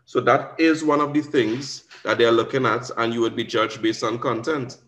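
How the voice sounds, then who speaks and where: A man's voice: medium pitch, fairly even intonation, normal speed, a bit bright. A man with a Caribbean accent teaching an exam revision lesson, explaining patiently and often checking in with "right?". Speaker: Spanish teacher.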